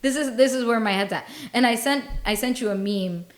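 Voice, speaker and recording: A woman's voice: a little high, a little fast. A woman in her forties co-hosting a podcast in casual comedic chat, self-deprecating and laughing often as she tells stories. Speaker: podcast co-host.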